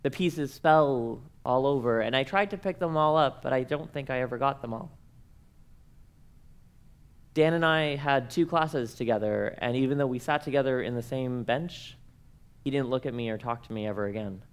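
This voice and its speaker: A man's voice: mid-range voice, normal speed, clean tone. A young man, speaking at a workshop and telling comic personal stories in a playful, self-mocking way, acting out the dialogue.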